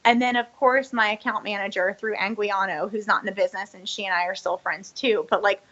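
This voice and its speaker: A woman's voice: medium pitch, fairly even intonation, fairly quick, a bit bright, muffled recording. A young woman in her twenties, a former business owner, telling her story in a candid interview, rambling with many "like"s and "you know"s and acting out what people said. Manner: rambling, frequent "like" and "you know", acts out quoted lines.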